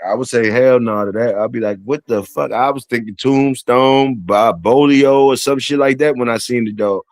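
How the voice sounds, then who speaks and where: A man's voice: mid-range voice, moderate pace, no room sound. Dry, slangy man hosting a livestream. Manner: slangy, profane, repetitive banter addressing chat and guests. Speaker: livestream host. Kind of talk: casual livestream chat.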